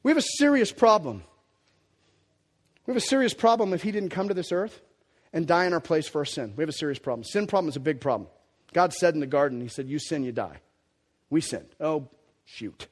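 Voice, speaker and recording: High-voiced impassioned male preacher. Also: animated, fast. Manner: impassioned and conversational, swinging between hushed and loud. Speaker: pastor. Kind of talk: sermon.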